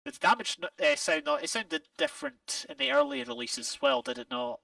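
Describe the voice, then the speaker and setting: A man's voice: very high voice, expressive, a little fast, creaky, bright, forceful tone, dry recording, recorded from a distance, rough recording. A Scottish man chatting casually while playing a game, rambling and correcting himself, laughing often. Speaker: game player. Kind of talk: casual gameplay chat.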